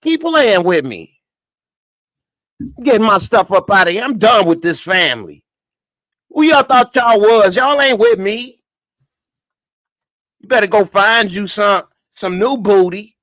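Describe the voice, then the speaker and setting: A man doing an impression of an angry young male street tough, shouting fast threats. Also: high-pitched, animated, dry recording, studio quality, voice pushed up. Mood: threatening.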